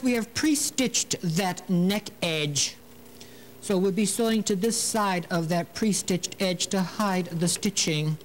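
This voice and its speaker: A man's voice: sits high, a little hiss or hum, poor audio. A man hosting a TV sewing demonstration. He chats as he works, tells corny jokes, laughs at them, and coaxes the fabric and thread along. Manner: coaxing, talks to the fabric and the thread. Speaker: sewing show host.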